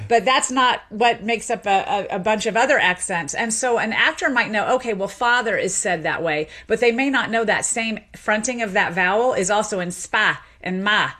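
A woman in her thirties from the American South, a linguist guest explaining things in a lively, articulate way. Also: mid-range voice, moderate pace, few pauses. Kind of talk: interview, expert explanation.

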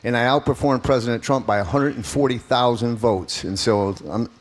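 A man's voice: mid-range voice, moderate pace. A man in his fifties, a political candidate being interviewed, telling his story in an earnest, emphatic way. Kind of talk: radio interview answers.

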